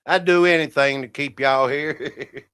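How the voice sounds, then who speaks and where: A man's voice: medium pitch, fairly even intonation, a little slow, fairly bright tone, clean tone. A man hosting a casual livestream, rambling and chuckling as he talks to his viewers. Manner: rambling, laughs often, talks to viewers as "y'all". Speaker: livestream host.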